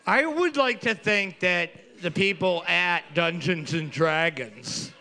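A man's voice: high-pitched, expressive, slow, gravelly, sharp tone. A man co-hosting a trivia quiz with sarcastic banter and comic tangents. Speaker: trivia co-host. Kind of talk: casual banter.

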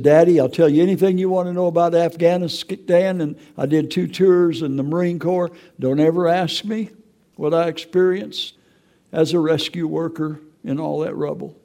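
Gravelly older man giving emotional testimony. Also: a little high, dark tone. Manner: emotional, storytelling, repeats words. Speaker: testimony speaker. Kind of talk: personal testimony.

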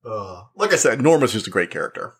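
A man's voice: fairly low pitch, very animated, fast talker. Rambling young man reviewing a show. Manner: rambling, full of likes and uhs. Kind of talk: casual review chat.

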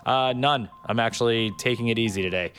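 A man's voice: mid-range voice, fairly quick, a bit bright, faint music behind. A man from Miami Beach hosting a podcast, talking in a loose, rambling, joking way with lots of fillers. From Miami Beach, Florida. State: a bit under the weather. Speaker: podcast host. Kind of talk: casual podcast chat.

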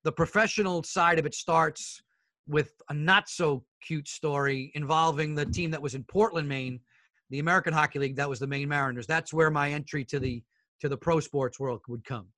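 Bright, lively middle-aged broadcaster telling stories. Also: male voice, fairly high pitch, moderate pace, dry recording. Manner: animated storyteller who acts out the other people in his stories; addresses the hosts as fellas. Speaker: guest, sports broadcaster. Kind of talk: casual interview storytelling.

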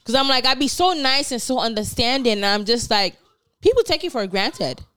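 A young woman co-hosting a podcast, telling stories candidly in a casual, animated chat full of slang. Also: fairly high pitch, a little fast, dry recording. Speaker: podcast co-host.

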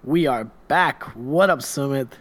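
A man's voice: mid-range voice, a little slow, a bit bright. A man hosting a podcast in casual chat, stuffy from allergies, laid-back and profane. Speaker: podcast co-host.

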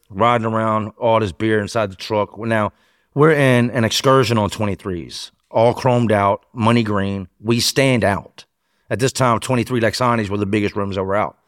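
A low-pitched man recounts a story from his own life in a loose, slangy podcast-guest manner. He gets animated and slips into other people's voices as he tells it. His voice is close and dry, with no room sound around it. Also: dry recording. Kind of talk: first-person crime storytelling.

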